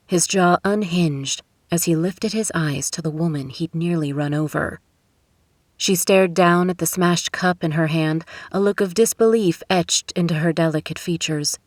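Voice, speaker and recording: A woman reading a romance novel aloud in a steady, measured way. Her voice sits low, and the booth recording is close and completely dry. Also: no echo. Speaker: audiobook narrator. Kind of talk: scripted narration. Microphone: studio microphone.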